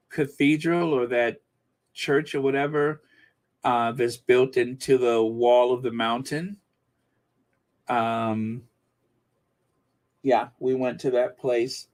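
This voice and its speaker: A man hosting a casual live stream, chatting in a musing way and reading out viewer comments, with many fillers and restarts. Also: medium pitch.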